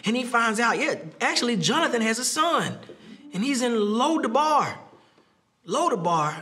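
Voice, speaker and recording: A man preaching a sermon as pastor, animated, laughing often and acting out quoted lines. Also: normal speed. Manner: acts out quoted speech with rising pitch.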